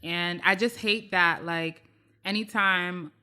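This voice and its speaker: Bright-voiced woman podcast co-host. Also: lowish voice, takes it slowly, smooth. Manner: animated, emphatic, repeats phrases for emphasis. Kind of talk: casual pop-culture chat.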